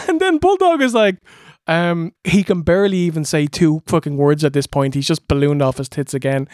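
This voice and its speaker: An eager male co-host with a very animated, swooping delivery, swearing and laughing as he gushes. The recording is close and dry. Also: on the high side, normal speed, hardly any pauses, no echo. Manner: enthusiastic, swears and laughs a lot. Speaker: podcast co-host. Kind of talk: comedic wrestling review chat.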